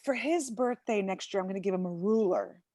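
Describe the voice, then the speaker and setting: Over a very noisy connection, a woman in her forties does brisk stand-up comedy by video call from her home. She is self-mocking and animated, shouting punchlines and doing voices, with a medium-pitched voice.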